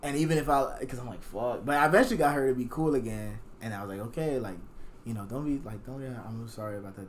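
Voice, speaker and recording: A young man chatting casually on a podcast, telling a story with lots of profanity. He acts out the lines he quotes, so his voice swings in pitch and loudness. A faint hiss of noise sits behind him. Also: quick pace. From Jamaican. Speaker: podcast guest.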